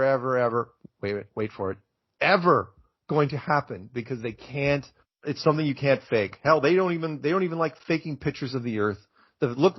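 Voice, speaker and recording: A man talking as a podcast guest in an animated, emphatic way, getting worked up as he makes his case. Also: fairly high pitch, husky, no room sound. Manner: excitable, emphatic, gets worked up. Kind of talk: animated conversational rant. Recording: dull lo-fi, dry audio.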